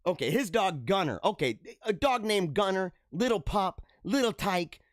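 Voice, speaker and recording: A man's voice: high-pitched, expressive, normal speed, dry recording, studio quality. A man hosting a podcast, giving casual and slangy commentary on news stories and laughing often. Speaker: podcast host.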